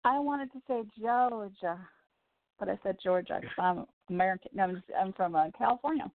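A Chicago woman hosts a call-in radio show, offering callers upbeat angel card readings in a chatty, reassuring manner, warm and encouraging, with laughs. Her voice sits at medium pitch with lively intonation, and she talks fast. As a radio psychic reader and host, she comes through a tinny phone line, dry with no room sound.

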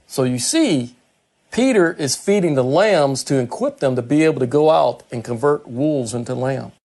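A man preaching a sermon, reading scripture verse by verse and explaining it in his own words, slowing down for quoted lines and speeding up when he acts out a character. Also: expressive, darkish tone. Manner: slows right down for quoted words, speeds up and climbs in pitch when acting out Peter.

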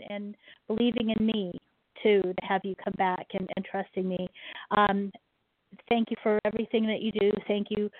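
A woman and fellow radio host speaks in an effusive, emotional way, repeating words as she gives heartfelt thanks. Her voice comes through a tinny phone line that sounds dry and close. Her pitch is in an ordinary middle range. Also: no echo.

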